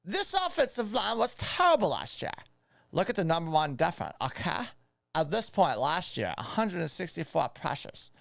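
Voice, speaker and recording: A man's voice: high-pitched, creaky, dry recording, pitched above the performer's own voice, full character voice. A man putting on a brash Boston-accented football pundit. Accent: put-on Boston. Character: excitable male football pundit in a jokey put-on voice.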